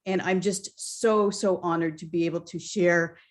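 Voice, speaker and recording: Author lady on a video call, kinda low voice, choked up thanking everyone. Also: fairly even intonation, moderate pace. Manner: heartfelt, near tears. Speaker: award-winning author. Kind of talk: acceptance remarks.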